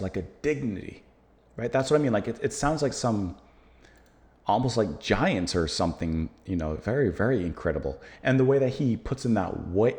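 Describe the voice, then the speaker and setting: A man's voice: mid-range voice, darkish tone. An American man hosting a music reaction channel, musing aloud in casual talk with plenty of fillers as he reviews a song.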